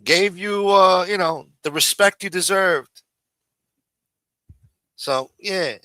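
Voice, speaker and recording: A man's voice: high voice, takes it slowly, pushed and bright, dry recording, studio quality. A man hosting a live stream recap, talking casually and ribbing his guests with a profane, streetwise manner. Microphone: studio mic for a radio-style show.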